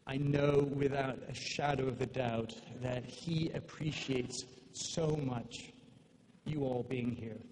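A man delivers a eulogy for his father, his sentences halting and full of fillers and restarts. His voice carries through a big hall with long reverb. A faint hum of ambience sits underneath. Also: mid-range voice, darkish tone. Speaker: son giving a eulogy. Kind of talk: memorial speech. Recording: echoey hall, faint room noise.

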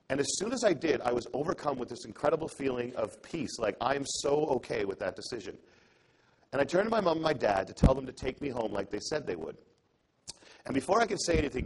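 A man's voice: medium pitch, noisy background. A young adult man giving an earnest, conversational talk to an audience, telling a story and acting out the dialogue in it. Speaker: public speaker.

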